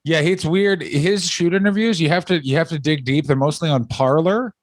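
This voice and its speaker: Deadpan man riffing, slightly high voice. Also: moderate pace, dry recording. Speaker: podcast co-host, comedian. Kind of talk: casual comedic chat.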